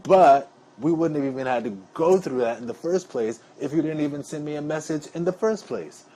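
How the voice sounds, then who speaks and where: A man's voice: fairly high pitch, animated, brisk, mellow, slight background noise. A man talking casually to his viewers in a rambling, chatty monologue, calling them y'all. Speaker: vlogger.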